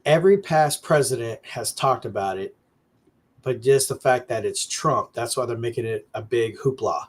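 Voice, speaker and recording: A man's voice: mid-range voice, moderate pace, breathy edge. A man co-hosting a casual talk show, pushing his political view with insistent repetition and frequent restarts. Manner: insistent, repeats his points, stumbles over restarts.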